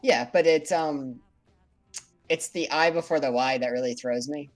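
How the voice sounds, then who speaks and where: A man's voice: fairly high pitch, measured pace, soft background music. A man from the United States co-hosting a casual chat, easygoing and joking. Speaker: podcast co-host.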